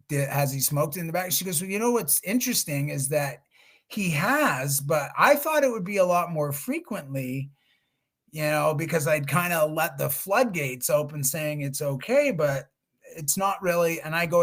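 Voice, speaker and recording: A man's voice: fairly high pitch, a bit bright. A middle-aged man speaking as a guest on a video-call webinar, telling stories in a conversational way with restarts and quoted voices. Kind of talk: webinar storytelling.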